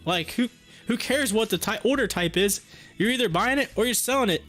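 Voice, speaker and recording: A man's voice: sits high, animated, a little fast, sharp tone, faint music behind. A man hosting a day-trading live stream, telling rambling stories in casual chat full of fillers and laughs. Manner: rambling, chatty storytelling with frequent fillers and laughs.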